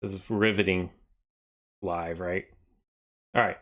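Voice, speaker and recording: Male streamer, unhurried, lowish voice, rambling and thinking out loud to chat. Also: steady tone. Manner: rambling, thinks aloud, often trails off quieter. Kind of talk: casual live-stream chat.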